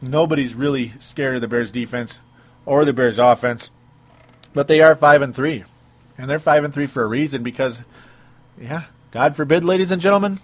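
A man talks through the week's games as a sports show host. He keeps it casual and chatty, chuckling often and reading listener messages aloud. His voice sits at an ordinary middle pitch. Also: husky. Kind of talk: casual sports radio talk.

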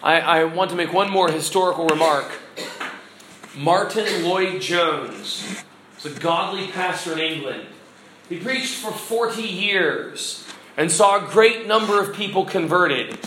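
A man's voice: high voice, lively intonation, measured pace, fairly bright tone, roomy sound, slight background noise, poor audio. A man preaching a sermon as pastor, earnest and exhorting, putting questions to the congregation.

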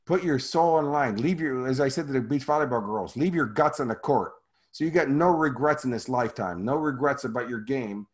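Male guest, punchy motivational storyteller, mid-pitched voice. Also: a little fast. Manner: emphatic and motivational. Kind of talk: conversational storytelling.

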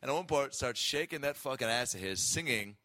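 Animated man telling crude stories. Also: medium pitch, brisk, dry recording. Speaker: podcast co-host. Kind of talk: casual comedic chat.

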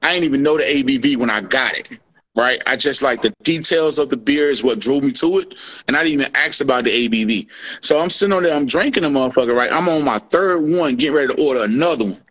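A man casually telling a drinking story on a podcast, slangy and profane, animated as he goes. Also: medium pitch, quick pace, lo-fi sound. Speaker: podcast co-host.

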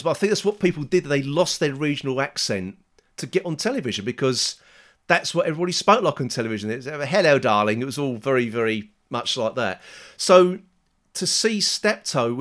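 A man's voice: medium pitch, a bit bright. A man chatting casually, rambling with many restarts and fillers as he recommends an old sitcom. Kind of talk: casual chat.

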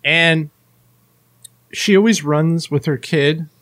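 A man co-hosting a podcast, telling an annoyed story in casual, profane chat. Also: slow pace. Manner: animated, profane, rants with rising pitch. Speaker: podcast co-host.

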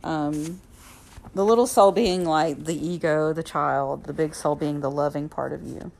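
A woman podcast host reading aloud from a self-help book and reflecting on it, earnest and unhurried, with the odd um and restart. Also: low-pitched, fairly even intonation, gravelly, a little mellow.

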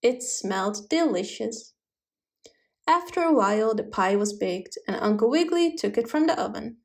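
A woman's voice: fairly high pitch, expressive, normal speed, creaky, darkish tone. Woman reading a children's story aloud.

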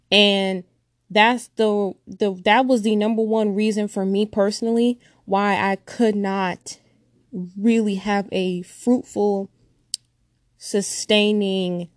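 A young woman telling a painful personal story in an earnest, emphatic way, repeating phrases and raising her pitch to act out what others said. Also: darkish tone, dry recording, studio quality. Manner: acts out quoted voices with raised pitch.

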